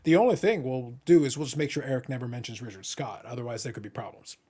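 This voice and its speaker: A man's voice: mid-range voice, fast, dark tone, breathy edge. A man hosting a casual podcast chat, talking in a laid-back way with wry joking asides. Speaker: podcast host.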